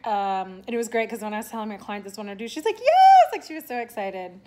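A woman's voice: mid-range voice, steady tone, fast talker, slight background noise. A young woman chatting casually in a vlog, rambling with lots of fillers and restarts. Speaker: vlogger and aspiring content creator. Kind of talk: casual talking-head vlog.

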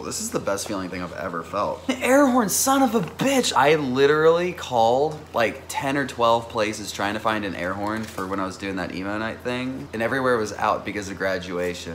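A young man in his twenties, chatting casually and swearing a lot as he opens fan mail, jumping to high-pitched exclamations. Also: background noise. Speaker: musician vlogger opening fan mail. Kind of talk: casual vlog.

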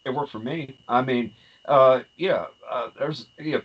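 A man at an average pitch in casual conversation, rambling and hesitant, often restarting his sentences. The audio is dull and lo-fi. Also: a little slow. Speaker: co-host. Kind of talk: casual chat.

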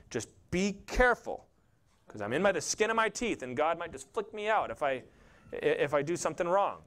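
A man's voice: a little high, brisk. A man pastor preaching a sermon in a conversational, jokey storytelling way, acting out quotes in little voices. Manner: animated, acts out quotes and voices.

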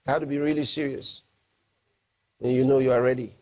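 A man, a pastor, preaching a sermon with emphasis and slowing down to read scripture aloud. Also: medium pitch, little pitch movement, warm tone.

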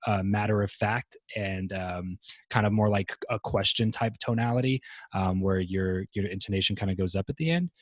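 A man talking as a podcast guest in casual interview chat, relaxed and rambling, with many fillers and restarts. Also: on the low side, moderate pace, no echo.

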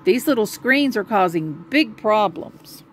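A woman reading a children's storybook aloud to a child, gentle and expressive. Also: mid-range voice, unhurried, a little hiss or hum.

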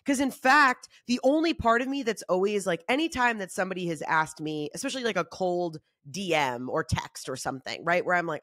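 A woman comedian talking in a casual solo monologue, animated and swearing freely, acting out other people's voices. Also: brisk, few pauses, no room sound, studio quality. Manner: acts out quoted voices in shifting pitch. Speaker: comedian and podcast host.

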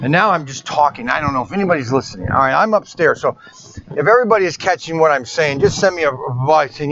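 A man's voice: fairly high pitch, fast talker, a bit bright. A man who runs a toy shop, muttering and sighing to himself in frustration as he talks casually to the camera. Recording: dull lo-fi sound with background noise.

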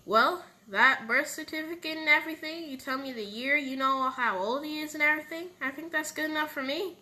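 A woman's voice: high-pitched, fairly quick, sharp tone. A woman voicing characters in a casual game roleplay, playful and switching between voices.

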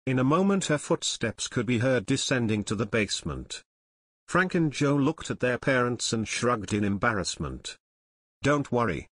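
An audiobook narrator reads an unabridged novel aloud in a steady, measured voice of middling pitch. The close mic keeps the sound dry, with no room echo.

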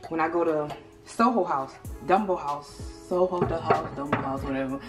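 Thirty-ish woman vlogging from her apartment, expressive, kinda low voice, echoey room w music. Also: moderate pace. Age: 30s. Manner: expressive, animated, talks straight to viewers. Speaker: lifestyle vlogger. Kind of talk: casual vlog chat. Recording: roomy echo with music behind.

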